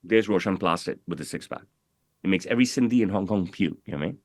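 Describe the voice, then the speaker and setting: A deep voice moves at a quick pace on a dry recording as a middle-aged tailor gives a casual guest interview. Brash, profane, and emphatic, he keeps saying "bro" and "you know what I mean."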